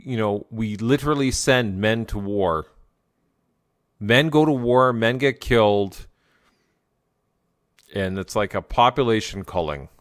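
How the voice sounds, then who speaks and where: A man's voice: medium pitch, fairly bright tone, no echo, studio quality. A man giving blunt, crude, joking reaction commentary.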